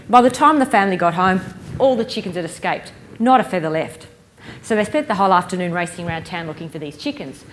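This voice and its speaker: A woman giving a lively conference keynote, engaging the audience with stories and questions. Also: medium pitch, a little hiss or hum. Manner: lively, playful storyteller who engages the audience. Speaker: keynote speaker. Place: conference hall stage.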